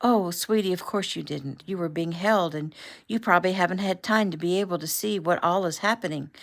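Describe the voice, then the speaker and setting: A woman voicing an excitable, emotional woman journalist who squeals and gushes as she talks. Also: fairly low pitch, a little fast, natural voice. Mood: gushing.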